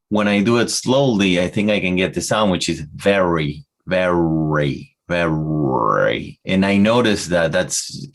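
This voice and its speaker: An Argentine man co-hosting a podcast in his second language, chatting casually and searching for words with hesitant restarts. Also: low voice. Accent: Argentine Spanish. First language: Spanish. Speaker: podcast co-host. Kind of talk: casual conversational chat.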